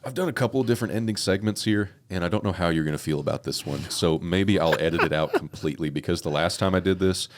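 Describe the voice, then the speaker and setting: A Texan man with a very deep, low voice hosts a laid-back podcast chat. He talks in an easy, joking way and slips into small voices when he tells dad jokes. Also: fast, hardly any pauses, background noise. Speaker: podcast host. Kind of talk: casual interview chat.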